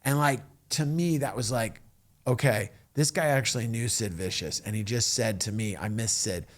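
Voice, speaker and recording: A middle-aged man telling a personal story in a casual, animated way, acting out the people in it. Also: medium pitch, moderate pace. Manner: animated, acts out quoted voices.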